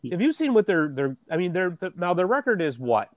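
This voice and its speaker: A man's voice: high voice, very animated, a little fast, dry recording. A man co-hosting a casual hockey chat who agrees readily and chimes in with short affirmations. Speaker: sports podcast co-host.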